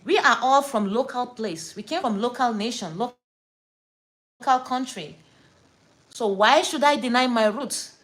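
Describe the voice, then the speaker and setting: A woman's voice: on the high side, measured pace, long pauses, a bit bright, poor audio. A woman from Nigeria with a Nigerian accent, telling a story and ranting to camera in a casual vlog, stressing points by repeating words and slipping into Pidgin. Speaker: vlogger.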